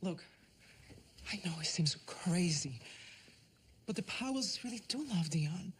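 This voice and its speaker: A woman's voice: on the low side, animated, a little slow, slight background noise. An actress playing a maid who poses as the lady of the house, airy and affected.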